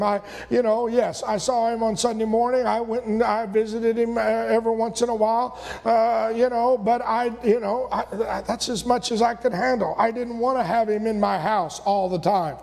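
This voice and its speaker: High-voiced gravelly preacher in a reverberant church. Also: male voice, steady tone, normal speed, few pauses, a little mellow. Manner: repetitive, folksy preaching that rises to emphatic peaks. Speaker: pastor. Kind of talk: sermon. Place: church sanctuary. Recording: long reverb of a church sanctuary.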